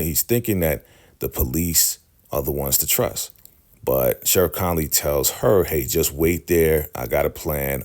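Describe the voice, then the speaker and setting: A man casually recapping a TV episode, retelling scenes in quick paraphrased quotes. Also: rumbling low, darkish tone. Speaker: recap host.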